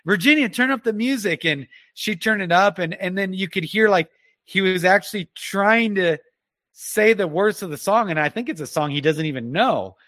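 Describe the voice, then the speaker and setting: A man giving an emotional personal testimony as a guest, earnest and halting, often restarting his sentences. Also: sits high, a bit bright, dry recording. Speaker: guest telling a personal story.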